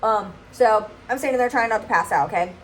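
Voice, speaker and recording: In a casual vlog, a woman in her 20s tells a story, chatty and repeatedly checking in with viewers by asking "okay?" Her mid-range voice is brisk, the recording is rough, and faint background noise can be heard.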